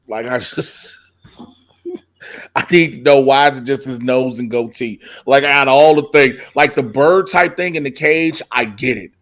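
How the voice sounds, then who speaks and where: Guy co-hosting a show review, lively and slangy, mid-pitched voice, laughs a lot. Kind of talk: casual review chat.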